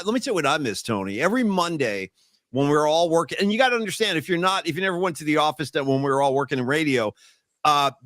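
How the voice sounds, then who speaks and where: A middle-aged man co-hosting a casual sports talk show, animated and joking, with sarcastic asides. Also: on the high side, no echo, clean studio sound. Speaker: podcast co-host.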